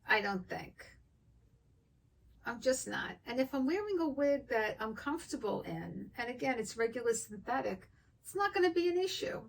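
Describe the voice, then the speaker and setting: A woman's voice: a little high, very animated, moderate pace, creaky, recorded from a distance, a little hiss or hum, rough recording. An older woman vlogger chatting casually with her viewers and telling a story, acting out both sides of it. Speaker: wig vlogger.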